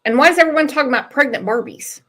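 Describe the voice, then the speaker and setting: A woman's voice: sits high, rapid-fire, a bit bright. A woman hosting a casual livestream, chatting and teasing a caller. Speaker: channel host.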